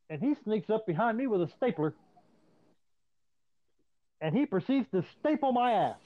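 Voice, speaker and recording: A man casually swapping profane stories in an animated, storytelling way. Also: high-pitched, normal speed, long pauses, dry recording. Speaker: podcast host. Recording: dry, tinny phone-like line.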